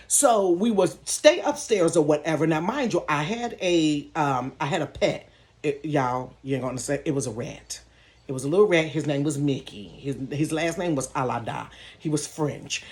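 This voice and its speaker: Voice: medium pitch, a little mellow. Candid storyteller talking from a bedroom. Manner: talks straight to viewers, calling them "y'all"; candid and emotional, with laughs in between. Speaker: storytime vlogger. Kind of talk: casual personal storytelling. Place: own bedroom.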